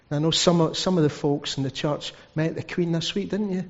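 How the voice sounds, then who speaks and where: A man's voice: on the high side, a little fast, few pauses. A man preaching a sermon as pastor, telling stories with asides. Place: church hall. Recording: dull sound with long hall reverb.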